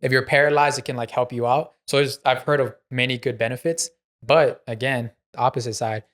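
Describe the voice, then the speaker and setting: A man hosting a casual podcast, talking in a relaxed, slangy way and retelling things at length. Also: mid-range voice, brisk. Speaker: podcast host.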